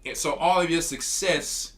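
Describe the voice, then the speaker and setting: A man's voice: on the high side, normal speed. A man, a church elder, preaching commentary in a scolding tone, often stumbling and repeating his words.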